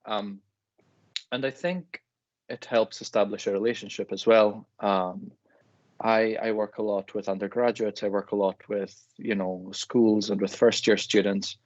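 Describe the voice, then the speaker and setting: Man, friendly lecturer guest, low-ish voice, dull lo-fi call audio. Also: unhurried, dry recording. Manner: relaxed, friendly, self-deprecating. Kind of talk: casual live discussion.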